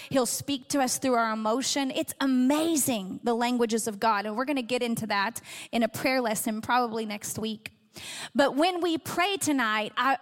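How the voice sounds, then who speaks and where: A middle-aged woman pastor giving an earnest, conversational sermon, acting out little quoted exchanges as she teaches. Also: fairly high pitch. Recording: long hall reverb.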